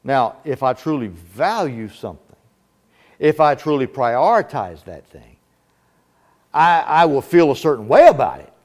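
A man's voice: mid-range voice, sing-song, measured pace, darkish tone. A man preaching a sermon, asking rhetorical questions with emphatic delivery.

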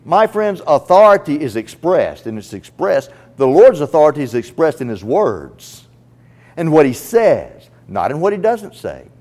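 Earnest male preacher with lively pitch. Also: moderate pace. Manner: earnest, emphatic, addresses listener as friend. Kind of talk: sermon.

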